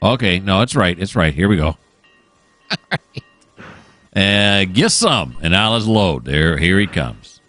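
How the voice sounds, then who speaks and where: A man's voice: deep voice, sing-song, takes it slowly, pauses often, pushed and bright, no echo. A man hosting casual let's-play commentary, rambling and musing aloud with many fillers and restarts. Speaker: gaming channel host.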